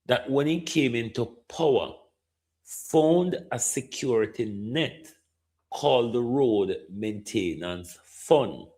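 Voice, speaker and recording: A man's voice: mid-range voice, lively intonation, slow, a little mellow. A Jamaican man giving indignant political commentary, slipping between patois and standard English. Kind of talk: opinion commentary.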